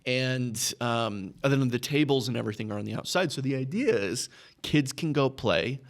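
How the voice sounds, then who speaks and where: Gravelly man telling a story. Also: mid-range voice, moderate pace. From Texas. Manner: chuckles through anecdotes, tags lines with "right?". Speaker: podcast guest, business owner. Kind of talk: casual storytelling.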